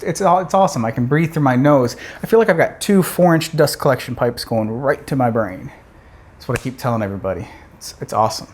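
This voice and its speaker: A young man talking casually to camera in a vlog, excited and rambling with many restarts. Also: mid-range voice. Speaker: vlogger.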